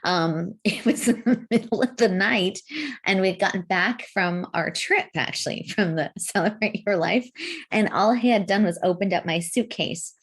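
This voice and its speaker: A middle-aged woman co-hosting a podcast in casual chat, expressive, laughing a lot and swearing casually. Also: medium pitch, normal speed, breathy edge. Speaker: podcast co-host.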